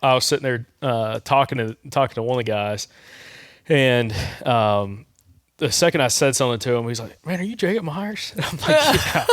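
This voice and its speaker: A man with a drawl hosts a podcast and rambles through a story in a relaxed, easygoing way. His voice sits at an ordinary middle pitch. It is recorded close and dry, with no room sound. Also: fairly quick, clear, resonant tone, dry recording. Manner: rambling, relaxed anecdote-telling. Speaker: podcast host.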